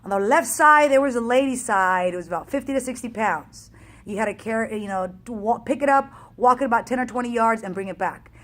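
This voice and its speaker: A woman fitness coach telling a race story in a casual, energetic, chatty way, acting out the back-and-forth. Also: on the high side, fairly quick.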